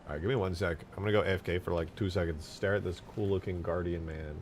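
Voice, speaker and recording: Young male streamer, very low voice, laid-back, jokey, thinks aloud to chat. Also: fairly even intonation, quick pace, darkish tone, slight background noise. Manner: jokey, talks to himself and chat while working. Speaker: streamer modding a video game. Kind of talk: casual live-stream commentary.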